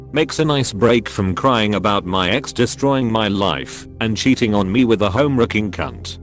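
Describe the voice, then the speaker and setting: A man narrating a string of online comments in a scripted reading, spelling out even web links word for word. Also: fairly low pitch. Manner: reads every text literally, web links spelled out.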